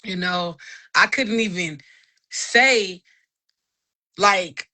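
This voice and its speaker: Bright, animated woman chatting. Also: on the high side, moderate pace. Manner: animated, laughs often between phrases; faith-filled testimony, emphatic repetition. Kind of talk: casual chat.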